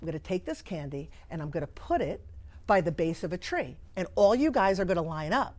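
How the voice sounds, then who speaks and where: Upbeat male anthropologist as a woman tells it, coaxing, lowish voice, storytelling. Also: sing-song, fairly quick, a little mellow. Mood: playful. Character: American male anthropologist, playful with children.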